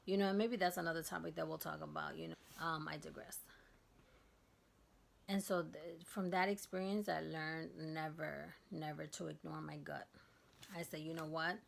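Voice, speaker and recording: A woman vlogger telling a personal story in a candid, emphatic way, dropping to a hush at tense moments. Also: low-pitched, steady tone, normal speed, gravelly. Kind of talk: casual storytelling.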